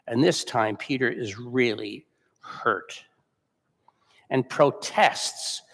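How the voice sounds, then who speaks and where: A male pastor tells a story from the pulpit in a slow, conversational way, often correcting himself mid-phrase. His voice sits at a middle pitch, and a long reverb from the church hangs after each line. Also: gravelly. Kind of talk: sermon.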